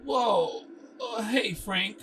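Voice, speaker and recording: A man's voice: sits high, animated, normal speed, pitched above the performer's own voice. A man reading aloud voices an eager young male store worker in a raised, overeager voice. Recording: distant mic with background noise.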